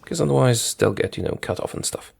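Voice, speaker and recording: A man's voice: mid-range voice, expressive, fast talker, creaky, darkish tone, slightly rough, soft background music. A man giving casual commentary on his strategy game, thinking aloud, talking to his units and correcting himself as he goes.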